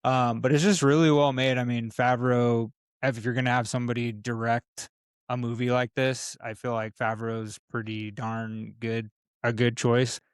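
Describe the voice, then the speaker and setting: A man co-hosting a movie podcast, with a smooth, resonant voice held in a narrow, even pitch range. He tells stories in a steady, unhurried way, and the sound is dry and close. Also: no echo. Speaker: podcast co-host. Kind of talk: casual podcast chat.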